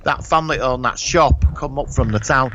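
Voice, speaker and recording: A man co-hosting a casual podcast, telling a rambling comic tale with plenty of restarts. His voice sits at an ordinary middle pitch. The recording carries a clear hiss of background noise. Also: moderate pace, a bit bright, highs cut off. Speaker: podcast co-host. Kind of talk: casual chat, comic storytelling. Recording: noisy home recording.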